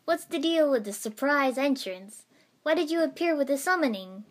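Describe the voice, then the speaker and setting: A woman reading a story aloud, voicing a loud, excitable boy ninja who shouts and boasts. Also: on the high side, measured pace, close to an everyday voice. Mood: excited.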